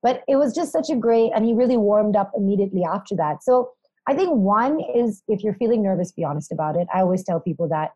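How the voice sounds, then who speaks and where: A woman's voice: medium pitch, animated, fast, mellow, no echo, poor audio. A woman, a presenter being interviewed, telling stories in an upbeat, chatty way. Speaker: interview guest, entertainment presenter. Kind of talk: casual interview talk.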